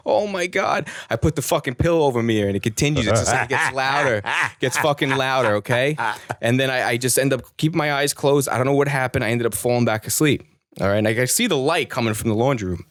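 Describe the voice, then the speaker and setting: A man's voice: medium pitch, no echo, clean studio sound. A man in casual chat, telling a crude, rambling story with many restarts.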